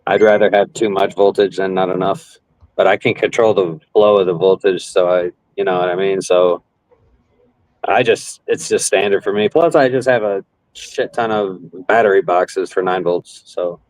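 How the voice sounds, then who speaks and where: Joking, low-voiced male guest. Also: steady tone, moderate pace, a little mellow, no room sound, rough recording. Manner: loose, swears, joking. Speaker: guest, paranormal device builder. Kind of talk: casual chat.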